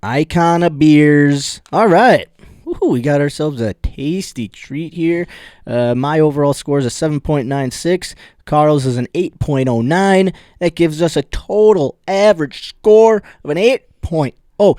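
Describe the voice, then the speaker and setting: A man's voice: a little high, animated, unhurried, darkish tone, no echo, clean studio sound. A man co-hosting a podcast, chatting casually and rambling with many restarts while he rates a beer. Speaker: podcast co-host.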